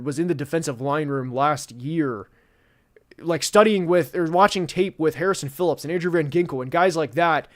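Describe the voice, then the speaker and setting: Rambling young man talking football. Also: a little high. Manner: rambling, many fillers and restarts. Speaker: podcast host. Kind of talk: casual football talk.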